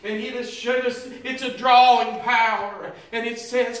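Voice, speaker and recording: A man's voice: very high-pitched, fairly even intonation, unhurried, few pauses, a bit bright. An older man preaching a sermon in a church, drawing out his words into a chanted, sing-song delivery that rises into song. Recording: echoey hall, voice from far off.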